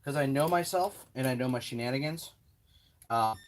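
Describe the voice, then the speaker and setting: This RC tutorial host, speaking at a moderate pace in a medium-pitched voice, builds a model at his home workbench. He chats easily, narrating each step for himself and making jokes at his own expense.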